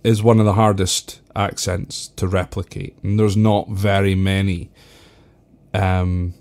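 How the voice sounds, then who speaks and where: A Scottish man hosting a podcast alone, talking casually and rambling with lots of fillers. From Scotland. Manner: rambling, many fillers, lively swings in pitch. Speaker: podcast host. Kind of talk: casual solo podcast talk.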